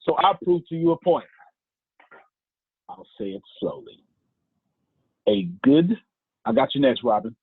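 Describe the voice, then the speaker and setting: A man teaching in a preaching style, repeating key phrases slowly for emphasis. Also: medium pitch, lively intonation, slightly rough, dry recording. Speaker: teacher leading an online class. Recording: tinny phone-like line.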